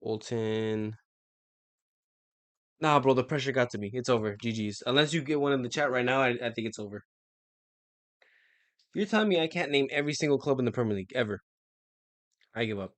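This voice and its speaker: Speaking at a normal speed in a medium-pitched, slightly bright voice, a young man live-streams his attempt at a football quiz. When he gets stuck he swears and mumbles to himself; the recording is dry.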